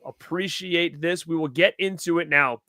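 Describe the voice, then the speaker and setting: A man in his thirties hosting a casual podcast chat, telling stories with lively acted-out quotes. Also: fairly high pitch, moderate pace, dry recording, studio quality. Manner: animated storytelling, acts out quotes. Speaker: podcast host.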